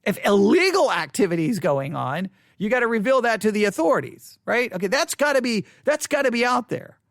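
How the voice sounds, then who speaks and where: A man leading a Bible study, teaching in an animated way, often restarting and repeating phrases. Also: sits high, fairly quick, vocal fry, dry recording, clean studio sound.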